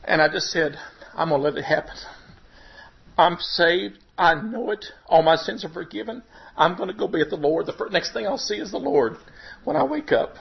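A man's voice: animated, normal speed, gravelly. Emotional man giving testimony, lo-fi. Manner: emotional, voice rising and breaking at high points. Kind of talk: personal testimony. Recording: dull lo-fi recording.

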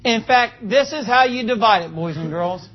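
A man's voice: high-pitched, animated, normal speed, breathy edge, highs cut off. A man preaching a sermon, folksy and joking, asking the congregation for amens. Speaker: pastor. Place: church.

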